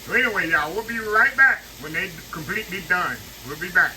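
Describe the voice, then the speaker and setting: With a high-sitting voice and lively intonation, this home cook talks briskly, hardly pausing, as he rambles to his channel's viewers and keeps calling them "y'all" while cooking at the stove. A camera on a tripod records him against a noisy background of a loudly sizzling, frying skillet.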